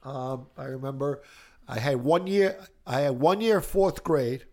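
An older man from Italy with a light Italian accent, a music educator telling animated, rambling stories with many restarts in a casual interview. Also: mid-range voice, measured pace. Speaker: music educator, podcast guest.

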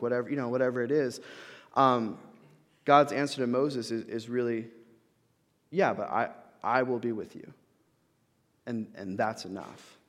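Casual young male preacher in a reverberant hall. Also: medium pitch. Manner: casual, frequent fillers and restarts, acts out quoted voices. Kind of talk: conversational sermon.

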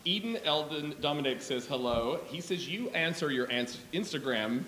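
A man producing a podcast, reading listener comments aloud in a relaxed, casual way. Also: fairly high pitch, normal speed, slight background noise. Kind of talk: casual chat.

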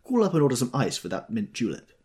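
A man's voice: mid-range voice, huge pitch swings, fast talker, darkish tone, slightly rough, pitched above the performer's own voice. A man voicing a peevish, flighty society lady. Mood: petulant. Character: peevish young society woman, languid and flighty.

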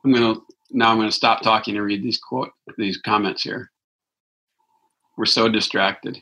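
Bright-voiced man teaching on prayer. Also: fairly low pitch, fairly even intonation, moderate pace, muffled recording. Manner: reflective, conversational, thinking aloud. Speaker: Christian teacher. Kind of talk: informal spiritual teaching on a livestream.

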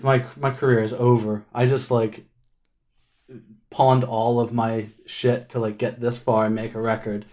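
A man's voice: mid-range voice, a little mellow. Rambling male guest telling wry stories. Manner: rambling, filler-heavy, wry storytelling. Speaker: musician guest. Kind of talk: casual storytelling chat.

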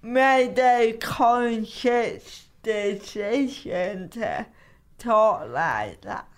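A woman on a podcast, asking questions in a casual chat and drawing them out slowly, with frequent laughs. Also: on the high side, lively intonation. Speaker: podcast interviewer.

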